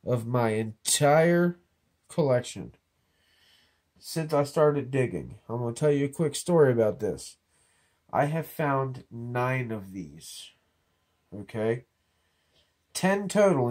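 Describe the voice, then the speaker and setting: A man with a cold clears his throat now and then as he walks through his finds in an office. He talks slowly and easily at a middle pitch, joking and wandering a little. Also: very animated, darkish tone. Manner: laid-back, joking, slightly rambling. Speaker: metal detecting vlogger. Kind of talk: casual show-and-tell. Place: indoors in an office.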